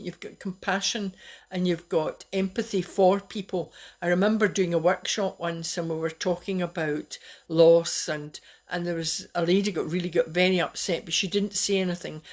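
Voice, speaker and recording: A middle-aged woman giving a casual, personal live talk as host, chatty and open, laughing at herself now and then. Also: lowish voice. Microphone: webcam or phone on a live stream.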